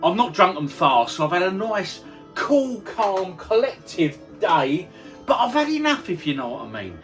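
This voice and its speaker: A man's voice: high voice, big pitch swings, moderate pace, fairly bright tone. A man, a few beers in, chatting and bantering casually while he plays retro games at home. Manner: chatty, jokey banter, commentating while playing. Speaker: retro gaming vlogger. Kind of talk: casual gaming vlog chat. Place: at home, indoors. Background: game music.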